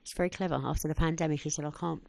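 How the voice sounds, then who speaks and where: Gravelly-voiced woman in her forties. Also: sits low, very fast, dry recording. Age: 40s. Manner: blunt and animated, acts out quoted speech. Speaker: podcast guest. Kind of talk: candid interview chat.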